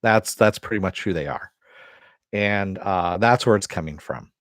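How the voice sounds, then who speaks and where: A man's voice: low voice, normal speed, a bit bright, no room sound, studio quality. Profane rambling male stream host. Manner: rambling, profane, restarts often. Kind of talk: casual live-stream chat answering viewers.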